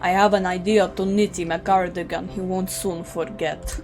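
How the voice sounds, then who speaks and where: A woman's voice: on the low side, little pitch movement, moderate pace, over music, lightly acted. A British woman voicing a very old, scheming witch with a dry delivery.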